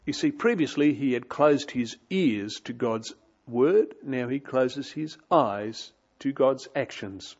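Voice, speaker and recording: A man's voice: medium pitch, lively intonation, takes it slowly, a little mellow, dull audio. A man preaching an expository sermon, dramatic with rising and falling emphasis.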